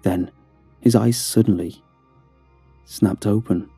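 A man's voice: on the low side, steady tone, slow, dark tone, husky, no echo, faint music behind. A man narrating a first-person horror story in a tense, dramatic storytelling manner.

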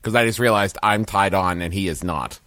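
A male player in a tabletop game jumps in eagerly. His voice sits low. The sound is close and dry. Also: brisk, bright, forceful tone, no room sound. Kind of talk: casual tabletop play.

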